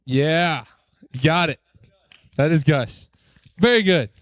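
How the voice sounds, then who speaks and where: A man leading a youth group as its pastor, upbeat and joking, coaxing the crowd with quick questions. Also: on the high side, expressive, no echo. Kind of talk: lively talk to a youth group. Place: church youth room.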